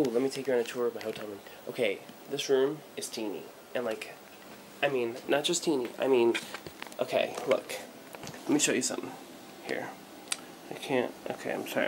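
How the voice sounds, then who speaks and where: Young man, from the US, rambling, filler-heavy, small hotel room, mid-pitched voice. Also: slight background noise, low-quality recording. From United States. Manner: rambling, irreverent, many fillers. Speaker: vlogger. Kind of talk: casual travel vlog.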